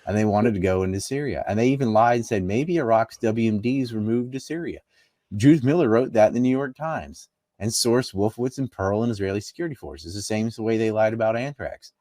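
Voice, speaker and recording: Interview guest: man from North Carolina, very low voice, argumentative and scoffing, dry close sound. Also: fast talker, dark tone, dry recording. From North Carolina, USA. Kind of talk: casual political talk.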